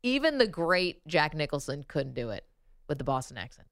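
A woman co-hosting a casual sports talk show, chatty and animated. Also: deep voice, dry recording, clean studio sound. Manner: chatty and animated, quick to laugh.

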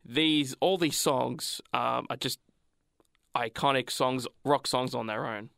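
Male podcast co-host, gravelly and bright, halting casual talk. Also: medium pitch, no echo, studio quality. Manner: hesitant, many ums and restarts. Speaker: podcast co-host, music fan. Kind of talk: casual music discussion.

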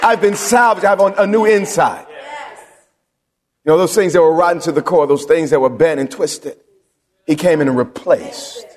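A male pastor preaching a sermon, drawing answers from the congregation with questions and rising to shouts at its peaks. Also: fairly high pitch, moderate pace, long reverb tail.

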